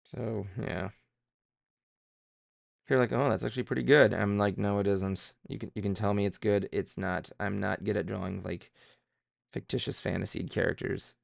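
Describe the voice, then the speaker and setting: Gravelly low-voiced man rambling while drawing. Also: level tone, normal speed, pauses often, no room sound, clean studio sound. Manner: rambling, self-deprecating, thinks aloud with many fillers. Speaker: streamer drawing live. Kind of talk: casual streaming chat while drawing.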